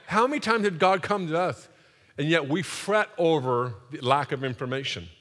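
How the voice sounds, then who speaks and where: Energetic pastor mid-sermon, bright forceful delivery, big hall echo. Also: male voice, on the high side, moderate pace. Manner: energetic and joking, has the congregation repeat phrases. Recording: long reverb of a large hall.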